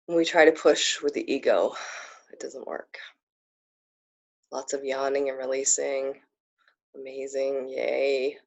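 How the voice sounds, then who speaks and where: A woman spiritual coach hosting a live program, talking casually and effusively to viewers, with frequent fillers and excited whoops. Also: rumbling low, a little slow, creaky, long pauses, lo-fi sound.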